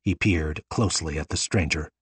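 A man narrating an audiobook in a steady, measured reading. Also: rumbling low, slightly rough, no echo.

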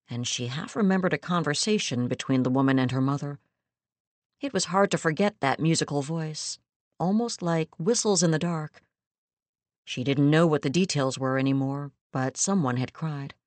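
A woman reading a story aloud in a measured, steady narrating voice, close to the mic. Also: low-pitched, no echo. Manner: measured, steady storytelling with quoted lines acted. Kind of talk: scripted audiobook narration.

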